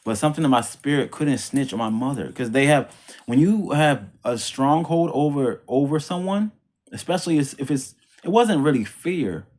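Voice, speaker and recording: A man's voice: medium pitch, a little mellow. A man telling his life story as a religious testimony in a casual, rambling, repetitive way. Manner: rambling, repetitive, emphatic retelling; religious language. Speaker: vlogger sharing a personal testimony.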